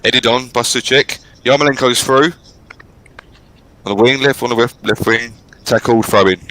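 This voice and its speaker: A man's voice: mid-range voice, normal speed, sharp tone, a little hiss or hum, poor audio. A man co-hosting a football watchalong, jokey and doing mock commentary. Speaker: fan channel co-host. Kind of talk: live match watchalong chat.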